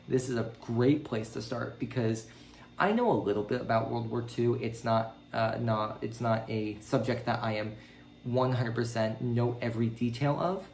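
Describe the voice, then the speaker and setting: In a casual video diary about learning a language, a man rambles with lots of ums, his pitch jumping up whenever he quotes his own reactions. His tone is darkish and the recording is reverberant.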